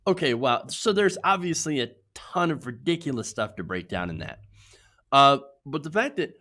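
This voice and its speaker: A man hosting political commentary in a sarcastic, mocking, animated way. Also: medium pitch, normal speed.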